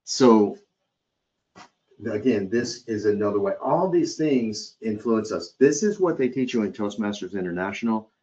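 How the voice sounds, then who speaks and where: Guy w a lowish voice running a hospitality training webcast, chatty, keeps saying okay, kinda dull lo-fi sound. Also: expressive, moderate pace, a little mellow. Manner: conversational, checks in with "okay?". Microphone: computer or headset mic on a webcast.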